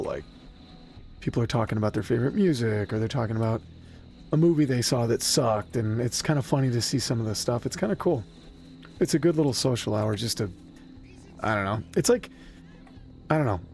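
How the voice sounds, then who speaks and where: A man's voice: mid-range voice, a little mellow. A man streaming a game, chatting loosely with viewers, joking about himself, swearing freely and speaking openly about his feelings. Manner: loose, rambling and self-deprecating, with frequent swearing; candid and openly emotional. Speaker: gaming streamer. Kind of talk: casual live-stream chat while playing.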